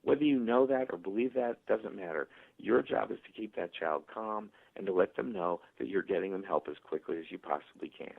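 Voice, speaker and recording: A male author telling stories and acting out parents' voices in a radio interview, with a husky, gravelly voice. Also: deep voice, brisk. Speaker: author guest. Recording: tinny phone line.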